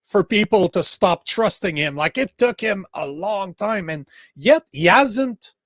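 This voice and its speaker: A man's voice: sits high, animated, unhurried, a bit bright, no echo, studio quality. A man with a French accent hosting a casual political podcast, heated and full of restarts. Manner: heated, swears, many restarts. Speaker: podcast host.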